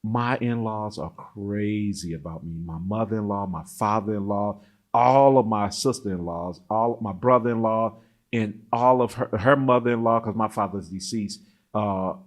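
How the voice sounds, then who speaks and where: A middle-aged African-American man from the United States, an interview guest telling stories in a lively, laughing way and acting out what people said. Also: fairly low pitch, moderate pace. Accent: African-American English. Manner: animated, laughs often, acts out quoted voices. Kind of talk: casual storytelling interview.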